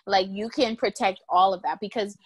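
Woman lawyer guest, storytelling, acts out quotes, mid pitch, dry close sound. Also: normal speed, dry recording. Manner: lively storyteller, acts out quotes, laughs often. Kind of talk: casual interview chat.

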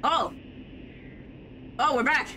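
A young adult woman streaming a game in casual chat, excitable and gushing, laughing often and swearing freely. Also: high-pitched, slow pace, slight background noise. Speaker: streamer playing a horror game.

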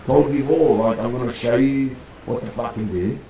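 A man's voice: medium pitch, moderate pace, mellow, echoey room, poor audio. A man playing a gang leader in a roleplay, rambling, swearing constantly and calling everyone mate. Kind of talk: in-character roleplay chat.

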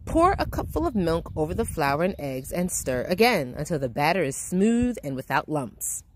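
A woman reading aloud, voicing a patient mother calmly giving step-by-step instructions. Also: low voice, moderate pace, a little hiss or hum. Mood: instructing. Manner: calm, instructive.

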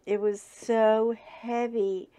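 A woman's voice: a little high, little pitch movement, slow, dark tone, clear, resonant tone. A woman host telling a story in a casual chat, chatty and often laughing.

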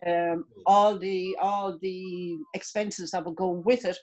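A woman from Ireland speaks with an Irish accent in a lowish, level, darkish voice at a slow pace, and the recording is muffled. As a guest in a video call interview, she reminisces chattily, restarting her sentences often.

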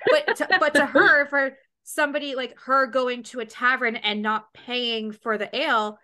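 A woman's voice: high-pitched, steady tone, moderate pace, pushed and bright. A woman in casual conversation, rambling and swearing freely as she acts out scenes in quoted dialogue. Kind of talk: casual chat.

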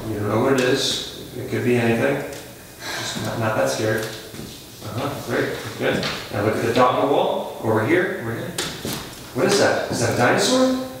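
A man playing a pushy, overexcited male casting director in a comedy sketch who fires off rapid directions and gets loud when he is excited. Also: medium pitch, natural voice. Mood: brisk. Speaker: casting session runner. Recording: echoey room, far from the mic, noisy.

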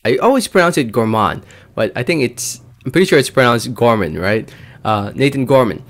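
A man's voice: medium pitch, expressive, fairly quick. A man talking casually to his viewers about who will win an upcoming boxing fight, hedging often with fillers like "um" and "I think.". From Philippines or United States. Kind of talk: casual prediction vlog.

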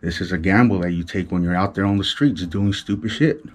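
A middle-aged Chicano vlogger from Los Angeles speaks a little fast in a low-pitched voice. Keeping it down so as not to wake his wife, he tells a street story in casual slang and makes gunshot sounds with his mouth.

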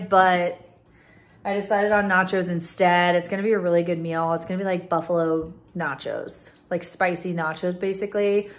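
Bubbly chatty woman vlogging food. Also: medium pitch. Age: 30s. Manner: bubbly, chatty, keeps addressing viewers. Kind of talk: casual food vlog chat. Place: in a car at a drive-thru, then a home kitchen. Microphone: camera or phone recording herself.

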